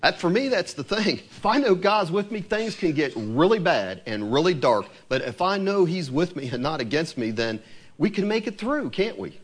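A man's voice: fairly high pitch, very animated, normal speed, husky. A man preaching a sermon who reads scripture aloud and asks his listeners questions.

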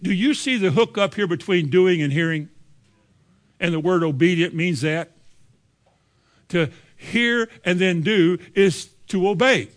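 A man's voice: high-pitched, a little slow. A man, preaching a sermon with emphatic rises on key lines and quoting scripture. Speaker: pastor.

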